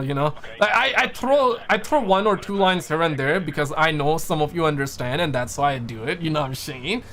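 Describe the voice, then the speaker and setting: A young man from Quebec hosting a casual livestream, chatting loosely and reading viewers' messages aloud. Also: fairly high pitch. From Quebec, Canada. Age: young adult. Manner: relaxed, chatty, reads chat aloud. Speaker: livestream host.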